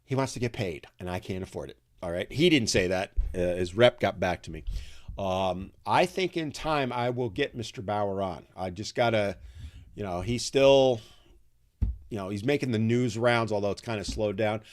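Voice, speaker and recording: Low-ish voiced guy around 60 hosting a live chat, reads comments, rambles candid w lots of ums. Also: moderate pace. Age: 60s. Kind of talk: casual chat reading viewer comments.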